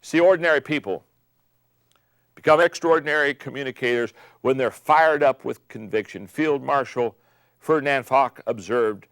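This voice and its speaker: An older man giving an emphatic motivational talk on leadership, repeating key phrases and building to loud peaks. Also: mid-range voice, moderate pace, dry recording, studio quality. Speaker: speaker on leadership.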